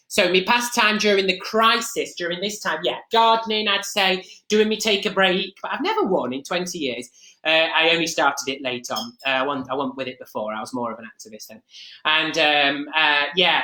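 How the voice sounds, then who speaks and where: Someone doing a gossipy middle-aged nottingham lady, rambly and cheeky, bright chirpy voice, echoey room. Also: mid-range voice. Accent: East Midlands, Nottingham. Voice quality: rambling, gossipy, with many fillers and asides. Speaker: comic performer hosting a live stream. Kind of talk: chatty comic monologue to an online audience.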